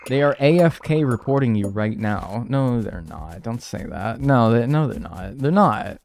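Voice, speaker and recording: A man with a medium-pitched, gravelly, slightly mellow voice speaks expressively and unhurriedly against soft background music. He's streaming a speedrun, rambling and joking with his chat and swearing freely.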